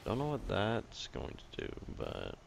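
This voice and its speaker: A man giving casual, excitable commentary while playing a game, swearing at his teammates. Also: on the low side, unhurried, vocal fry, background noise. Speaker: gaming commentator.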